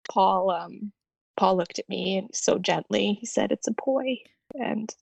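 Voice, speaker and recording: A woman guest telling her own story in an emotional interview, tender, with soft laughter through tears. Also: mid-range voice, vocal fry, slightly rough, no room sound.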